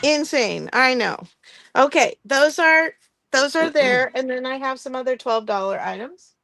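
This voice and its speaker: A woman's voice: high-pitched, expressive, measured pace, gravelly, a bit bright, dry recording. A woman hosting a live online sale, chatting casually about vintage items and laughing often between filler words.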